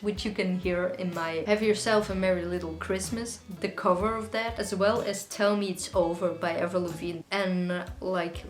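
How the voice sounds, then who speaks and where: A young woman, a singer-songwriter, answering viewer questions in a casual, rambling way with lots of fillers. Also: lowish voice. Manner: chatty, rambling, with frequent fillers. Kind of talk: casual Q&A vlog. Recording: echoey room with faint music.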